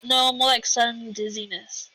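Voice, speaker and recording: A woman with a bright voice playing a tabletop game online. She talks politely and giggles often. Her voice sounds close and dry. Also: on the high side, steady tone, normal speed, no room sound, low-quality recording. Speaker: player. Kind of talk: casual tabletop game chat.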